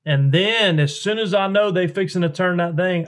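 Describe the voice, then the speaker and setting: A man's voice: sits high, moderate pace, few pauses. A man, a duck call maker explaining calling technique in a rambling, folksy way during a podcast interview.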